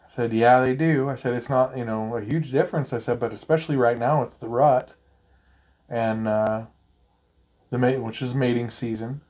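Husky-voiced man telling stories. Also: medium pitch, normal speed. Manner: animated storyteller, laughs often, swears casually. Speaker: podcast co-host. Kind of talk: casual storytelling chat.

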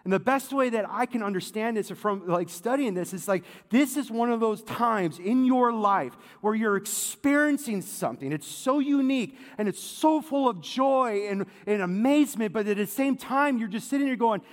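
A male pastor preaching a sermon in a casual, animated way, full of fillers and asides. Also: high-pitched, moderate pace, hardly any pauses, big-room sound.

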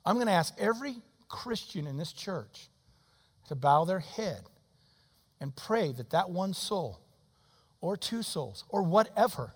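A man in his sixties preaches an altar call in a church, his voice sitting high for a man. He drops to soft pleading and then rises to shouting. The sound carries a long hall reverb. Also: big pitch swings, unhurried, husky. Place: church sanctuary.

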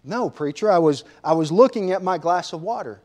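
A man's voice: sits high, expressive, a little fast, darkish tone. A man voicing a fed-up churchgoing woman who lists her complaints in an exasperated way. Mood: plain.

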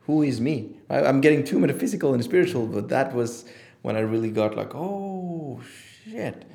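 An image consultant appears as a podcast guest in a casual interview, speaking passionately with plenty of swearing and acting out the voices of people he quotes. His mid-range voice is fast, gravelly and mellow.

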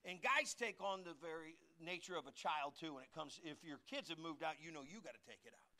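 A man's voice: a little high, brisk, bright, forceful tone. A man preaching a sermon in a folksy, conversational way, asking the congregation to repeat phrases and building to emphatic points. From United States. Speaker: pastor.

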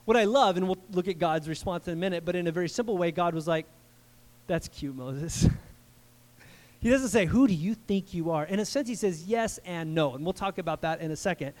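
A man preaching a sermon in an animated, conversational way, with frequent asides to the congregation. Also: high voice, fast talker. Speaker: pastor.

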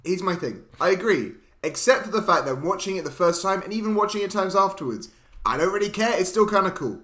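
Loud rambly guy in a movie chat, high bright voice, roomy echo. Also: quick pace. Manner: animated, loud interjections, rambling. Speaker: podcast co-host. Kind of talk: casual movie review chat.

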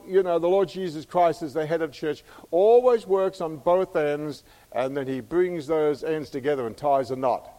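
A man's voice: a little high, mellow, in a large hall. A man preaching a sermon in a folksy way, with many filler sounds, asking the congregation questions as he goes.

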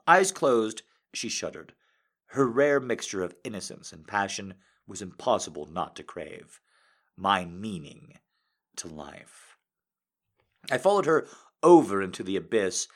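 A man reading a romance story aloud in a soft, intimate way, hesitant and full of fillers when he speaks off script. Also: on the low side. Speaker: reader of fiction.

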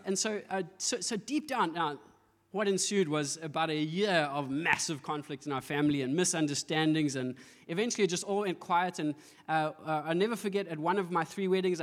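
A male pastor delivers a sermon in a fairly high voice. He tells stories with playful, acted-out asides. His voice rings with the long reverb of a large hall.

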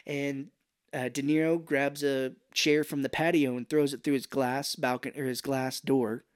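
A man's voice: mid-range voice, flat delivery, normal speed, no echo, studio quality. A man co-hosting a podcast, casually retelling movie scenes and acting out the characters' lines with cursing. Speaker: podcast co-host. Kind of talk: casual movie recap chat.

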